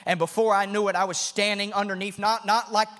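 A man, a missionary preacher, telling a story in a sermon, often repeating himself and building to shouted fervor. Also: high voice, level tone, fairly quick. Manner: repeats and restarts phrases. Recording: long hall reverb.

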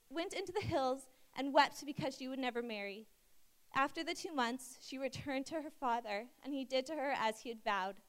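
A young woman preaching a sermon in a conversational way, reading scripture and acting out the people in the story. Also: high-pitched. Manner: conversational, acts out quotes with lively asides. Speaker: youth speaker.

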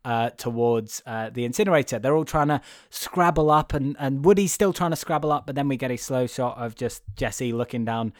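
Podcast co-host, man, mid-pitch, rambling film recap full of fillers and swearing, dry close sound. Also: a little fast, few pauses, no room sound. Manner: choked up at moments. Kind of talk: casual chat retelling a film.

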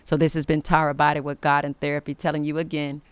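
A woman's voice: low voice, monotone, fast talker. A woman hosting an inspirational faith podcast, speaking emphatically in the manner of a preacher and giving blessings. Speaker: podcast host.

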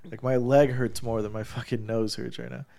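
This medium-pitched man has a flat, creaky, warm delivery and talks a little fast. As a podcast co-host with a post-surgery stuffy nose, he laughs often and swears freely while recounting a story in casual chat.

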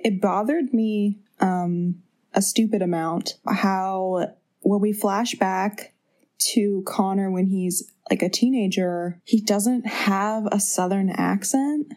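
A woman's voice: medium pitch, slow, a little mellow. A woman co-hosting a podcast, chatting casually and animatedly, acting out what people say and swearing casually. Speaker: podcast co-host. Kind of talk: casual chat.

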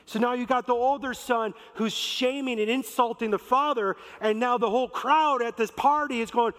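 A man preaching a sermon as a pastor, telling the story in an animated way with casual slang. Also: high voice, normal speed. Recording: reverberant large hall.

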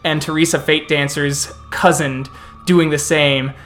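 A man's voice: fairly high pitch, little pitch movement, a little slow, a bit bright, faint music behind. Man narrating a tabletop game. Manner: flowing, descriptive narration with some stumbles. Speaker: storyteller.

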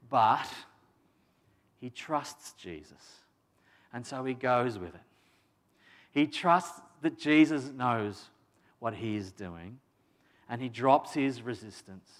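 A man preaching a sermon in a conversational, emphatic way, with restarts and casual asides. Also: medium pitch.

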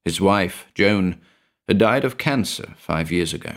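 A man narrating a short story in a measured, expressive way, with a British accent. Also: low voice. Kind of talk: scripted narration.

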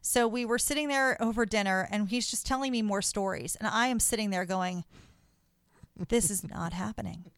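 Gushing, excitable woman host. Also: mid-range voice, brisk, hardly any pauses, smooth, no echo. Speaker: podcast host. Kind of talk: casual chat.

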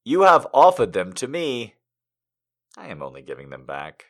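A man's voice: mid-range voice, wildly swooping pitch, moderate pace, a bit bright. A man hosting a poetry show, reading poems aloud and chatting casually, laughing often between asides.

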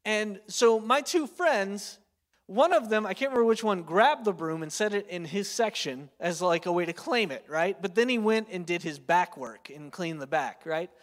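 A man's voice: sits high, lively intonation, normal speed. A man in his thirties preaching a sermon in a chatty storytelling way, full of fillers and "right?" tag questions. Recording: long hall reverb.

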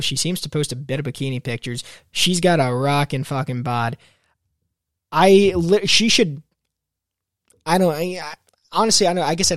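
A man's voice: a little high, no room sound, clean studio sound. Rambling young man hosting a solo podcast. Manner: rambling, lots of fillers and restarts. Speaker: podcast host. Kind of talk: casual solo podcast talk.

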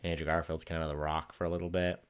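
Dude with a really deep low voice, rambling casual podcast chat, lots of um and like. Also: male voice, flat delivery, quick pace, clean tone. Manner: rambling, laid-back, lots of fillers. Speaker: podcast co-host.

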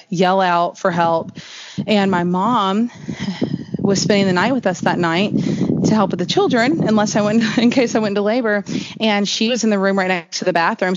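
A woman telling a long personal story as an interview guest, in a rambling, chatty way full of "like". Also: mid-range voice. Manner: chatty, rambling, heavy use of "like". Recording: slightly dull lo-fi recording.

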